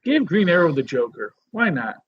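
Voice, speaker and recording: A man co-hosting a podcast in casual chat, rambling and animated with many restarts. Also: a little high, normal speed, husky, no room sound, highs cut off. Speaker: podcast co-host.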